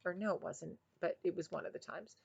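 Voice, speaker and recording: A woman's voice: lowish voice, a little fast, gravelly, breathy edge, lo-fi sound. A woman, a former kindergarten teacher, chatting in a rambling, friendly way after a read-aloud, recorded on a headset mic. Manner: chatty and rambling, with bursts of excitement. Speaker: retired kindergarten teacher reading picture books.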